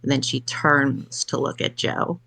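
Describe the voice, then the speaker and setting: A woman's voice: extremely low pitch, little pitch movement, a little slow, vocal fry, pushed and bright. A woman player who methodically narrates her character's moves in a tabletop game, using many filler uhs.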